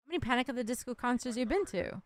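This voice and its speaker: A woman's voice: fairly high pitch, animated, racing. A woman hosting an interview over a video call, friendly and giggly with loose phrasing. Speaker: podcast host. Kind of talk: casual interview.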